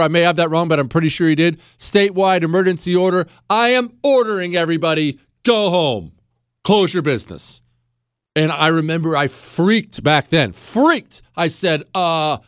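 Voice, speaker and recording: An indignant man rants through political commentary, firing off rhetorical question after rhetorical question. His voice sits high and leaps about with energy. The sound is dry and close, with no room around it. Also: no room sound. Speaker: podcast host.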